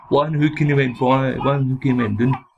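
A man's voice: medium pitch, steady tone, normal speed, gravelly. A young Scottish man giving rowdy, sweary commentary while he plays a boxing game. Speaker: gaming channel host. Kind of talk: let's play commentary. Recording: loud game and clicking noise behind.

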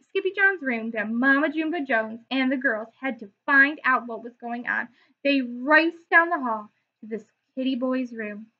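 A preschool teacher reads a storybook aloud to young children, bright and lively, and pauses to explain words along the way. Her voice sits high with a husky grain, and the recording comes through dull and lo-fi.

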